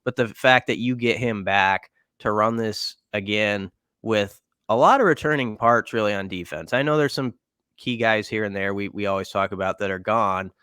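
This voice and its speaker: Smooth, low-voiced man breaking down football. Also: moderate pace, pushed and bright, no echo, clean studio sound. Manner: thinking aloud, many fillers and restarts. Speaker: podcast co-host. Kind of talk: casual sports podcast analysis.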